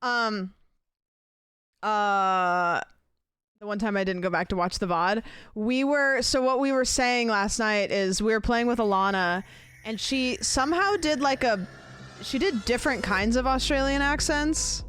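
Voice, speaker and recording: A woman's voice: fairly high pitch, measured pace, fairly bright tone, smooth, dry recording, clean studio sound. A young adult woman livestreaming from her desk, rambling chattily and thanking donors between stories. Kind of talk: casual stream chat.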